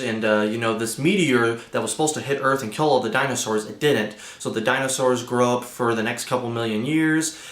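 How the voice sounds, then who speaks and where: A man's voice: medium pitch, a bit bright, roomy sound. A young man hosting a casual movie review, chatty and loose with lots of fillers.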